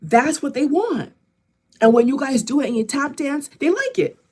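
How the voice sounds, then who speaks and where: A woman's voice: high voice, animated, moderate pace, a little mellow. A woman giving impassioned political commentary to camera, emphatic and repetitive, speaking straight to her viewers. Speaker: political vlogger.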